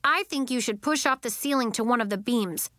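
A woman's voice: on the high side, fairly quick, a bit bright, no room sound, clean studio sound, pitched above the performer's own voice, natural voice. A woman voicing a confident, kind young girl, Phoebe.

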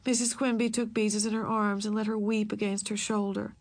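A woman reading a children's novel aloud, measured and expressive. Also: mid-range voice. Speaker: narrator.

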